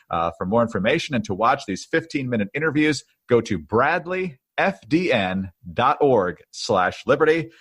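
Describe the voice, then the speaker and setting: Guy cohosting a political podcast, bit raspy, wry easygoing banter, lots of up and down in his voice. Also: medium pitch, sing-song, moderate pace, few pauses, a bit bright, dry recording. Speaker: podcast co-host.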